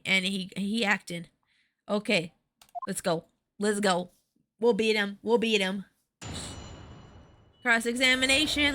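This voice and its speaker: A woman's voice: mid-range voice, sharp tone, a little hiss or hum. A woman with a Southern US accent layered with Midwestern, chatting and cheering herself on while streaming a game. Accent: Southern US with Midwestern overlay. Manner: chatty, giggly, self-encouraging. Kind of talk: casual gameplay commentary.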